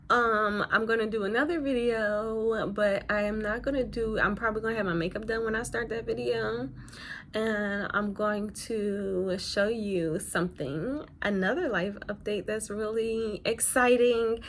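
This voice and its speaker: A woman's voice: mid-range voice, a bit bright, a little hiss or hum. A woman who works as a nurse, chatting casually and rambling through a story while she does her makeup. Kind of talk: casual get-ready-with-me chat.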